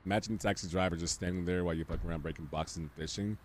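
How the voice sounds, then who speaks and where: A man streaming a video game, giving casual commentary with wry, sarcastic asides and sudden excited outbursts. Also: deep voice, rapid-fire, slight background noise.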